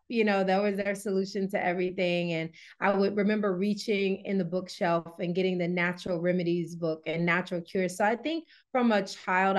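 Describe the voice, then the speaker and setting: A woman guest on a podcast, a wellness coach, telling stories in a lively, chatty way with many fillers. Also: mid-range voice. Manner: lively storyteller, laughs often, many fillers. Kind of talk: casual interview chat.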